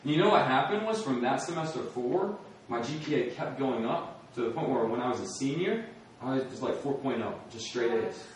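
A man's voice: medium pitch, lively intonation, brisk. Man, middle-aged, sermon testimony, laughing storyteller, big echoing hall, faint room hiss. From United States. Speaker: speaker at a church or campus ministry gathering. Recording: echoey room from far off.

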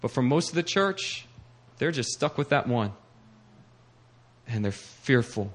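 A middle-aged male pastor preaching a sermon, moving from hushed, searching passages to fervent, urgent appeals. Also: medium pitch, lively intonation, a little slow.

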